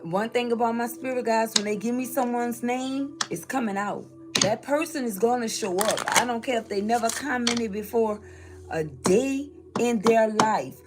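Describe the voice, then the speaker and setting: A woman's voice: a little high, moderate pace, heavy background noise. A woman from New Orleans, chatting casually through a tarot reading and laughing often. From New Orleans, Louisiana. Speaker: spiritual reader. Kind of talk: tarot reading live stream.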